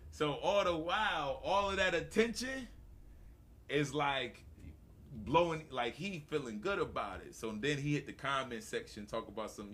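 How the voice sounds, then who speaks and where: Bright, lively man telling stories. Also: medium pitch, normal speed. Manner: excitable, slangy, laughs often, rises to loud outbursts. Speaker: morning show host. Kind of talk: animated storytelling to a live audience.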